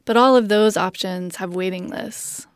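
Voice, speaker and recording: A woman reporter narrating a documentary story in a measured, plain storytelling manner. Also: medium pitch, clean tone.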